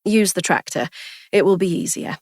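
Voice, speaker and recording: A woman reading a story, voicing a firm, kindly older woman who gives brisk, decisive instructions. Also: fairly low pitch, darkish tone, no room sound, clean studio sound, close to an everyday voice. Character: firm older woman, owner of the house, kindly but commanding.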